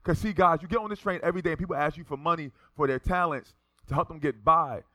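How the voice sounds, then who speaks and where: A male pastor preaching a sermon, telling a story with lively delivery and acting out the people in it. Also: a little high, fast, no room sound. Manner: animated, acts out the voices of people in his stories.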